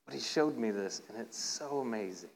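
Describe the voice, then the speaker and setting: A man's voice: lively intonation, normal speed, creaky, low-quality recording. A man giving an informal sermon, telling a playful story and often checking in with the listeners. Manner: playful storytelling, acts out voices with rising pitch; conversational, asks "right?" often. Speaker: preacher.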